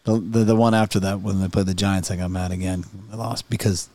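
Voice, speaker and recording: Blunt, swearing podcast co-host. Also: male voice, deep voice, fairly even intonation, fairly quick, warm tone, a little hiss or hum. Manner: profane, blunt, exasperated. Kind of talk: casual chat.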